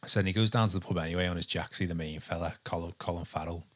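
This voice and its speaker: Low-voiced and steady, a man from England talks rapid-fire while co-hosting a casual podcast at home, a dog nearby. He rambles through his ideas, restarting often and saying um a lot.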